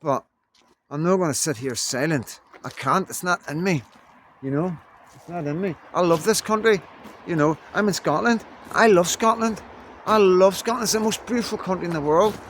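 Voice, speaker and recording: A man's voice: sits high, moderate pace, a bit bright, slight background noise. A man from Belfast with a Northern Irish accent, talking casually to the camera in a vlog and rambling with lots of "you know what I mean". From Belfast, Northern Ireland. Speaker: vlogger. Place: indoors in Scotland.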